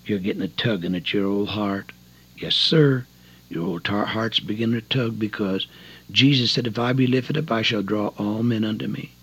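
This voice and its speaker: Husky older man preaching a folksy testimony. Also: fairly low pitch, normal speed, fairly bright tone. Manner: folksy, earnest storytelling with rising emotional emphasis. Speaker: prison evangelist. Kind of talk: testimony sermon. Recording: dull lo-fi tape recording.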